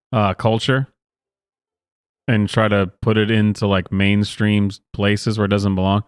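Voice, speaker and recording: A man's voice: on the low side, clear, resonant tone, dry recording, clean studio sound. A man doing sarcastic reaction commentary, sardonic and incredulous, with chuckling asides. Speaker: online commentator.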